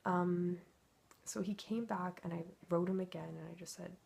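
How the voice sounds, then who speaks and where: A woman's voice: fairly low pitch, fairly even intonation, normal speed, gravelly, darkish tone, slightly rough. A woman telling her own emotional story in a confessional vlog, acting out her inner thoughts as she goes. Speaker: twin flame coach.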